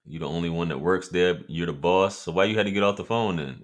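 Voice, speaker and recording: A man's voice: low voice, fairly even intonation, fast talker. A man hosting a casual livestream, joking and bantering with viewers in loose, slangy talk. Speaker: livestream host.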